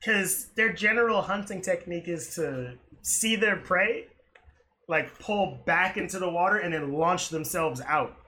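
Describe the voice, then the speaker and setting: A man with a high, bright, sharp-edged voice hosts a loose conversation. He talks quickly and chattily, tossing in comments and laughing along. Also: slight background noise. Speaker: podcast host prompting stories. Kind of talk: casual chat.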